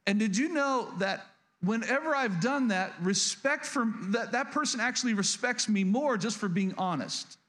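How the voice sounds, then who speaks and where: A man's voice: extremely high pitch, a bit bright. A man preaching a sermon as pastor, speaking earnestly and confessionally, often restarting and asking the congregation questions.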